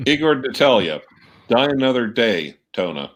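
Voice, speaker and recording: A man's voice: mid-range voice, very animated, normal speed, shouting. A man co-hosting a livestream, cracking jokes and reading out viewer comments. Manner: wisecracking, reading out jokey comments. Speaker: livestream co-host. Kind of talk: casual livestream banter.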